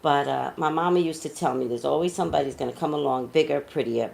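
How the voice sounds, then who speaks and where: A woman delivers blunt, scolding commentary on celebrities, her voice low and gravelly. Her pitch swings widely as she lectures, emotional and outspoken. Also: lively intonation, fairly quick, few pauses, darkish tone, a little hiss or hum. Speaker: psychic commentator.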